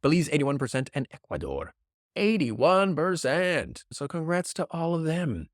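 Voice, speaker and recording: Male podcast host, lively and sarcastic, wide-ranging pitch, dry close recording. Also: unhurried, dry recording. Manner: animated, sarcastic, jumps into mock voices. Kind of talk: casual solo podcast commentary.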